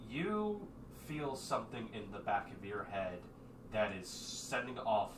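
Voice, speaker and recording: A man's voice: lowish voice, sing-song, a little slow. A man narrating as game master in a casual, filler-heavy way, recorded at a distance in an echoey room with background noise.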